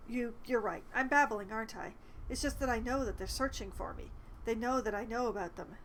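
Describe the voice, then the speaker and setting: A woman's voice: a little high, a little fast, a bit bright, a little hiss or hum, close to an everyday voice, rough recording. A woman reading aloud the game dialogue of a frightened man who babbles anxiously about vampires hunting him.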